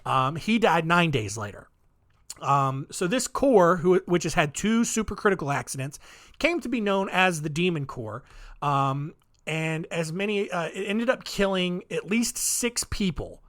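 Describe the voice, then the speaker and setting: A man's voice: high voice, animated, a little slow, fairly bright tone. Rambling, wry male podcast host. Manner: rambling, with many fillers, wry and offhand. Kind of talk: casual solo podcast storytelling.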